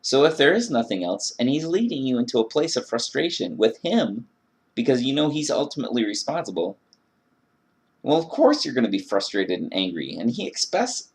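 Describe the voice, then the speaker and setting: A man's voice: medium pitch, very animated, normal speed. A man delivering an earnest, emphatic monologue about faith and frustration, acting out his own prayers. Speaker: video blogger. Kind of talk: religious rant monologue.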